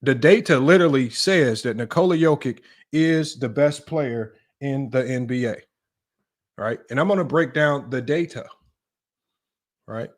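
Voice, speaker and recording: A man's voice: medium pitch, unhurried. A man hosting a livestream sports talk show, emphatic and repetitive, tossing in "right?" and "y'all" as he argues a point. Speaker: sports channel host.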